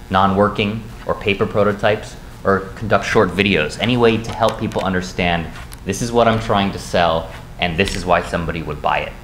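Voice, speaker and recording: Deep-voiced man lecturing in an echoey room. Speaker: business school instructor. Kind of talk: recorded lecture. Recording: echoey room, faint noise.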